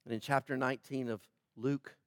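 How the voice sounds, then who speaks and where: A man preaching a sermon as pastor, swinging from loud emphatic peaks to quiet, slow scripture reading. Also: medium pitch, fairly even intonation, dry recording, studio quality.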